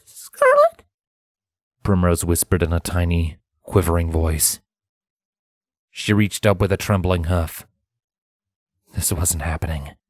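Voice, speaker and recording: A man reading a fan story aloud in dramatic, expressive audiobook narration. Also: deep voice, measured pace, pauses often, dry recording, studio quality. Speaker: fanfiction reader.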